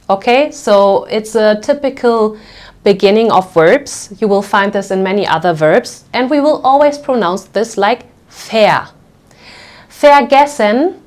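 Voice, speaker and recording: A woman's voice: mid-range voice, darkish tone. A woman teaching pronunciation in English, explaining patiently and checking in often with the listener. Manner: patient, slow, checks in with frequent "okay?". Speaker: German teacher. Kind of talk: language lesson explaining pronunciation.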